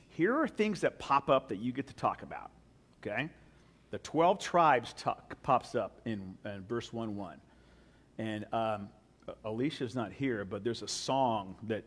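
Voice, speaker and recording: A man preaching a sermon in a relaxed, conversational manner, with a middle-pitched voice. He often restarts his sentences and drifts into asides, as if talking with friends. This is a pastor teaching in church.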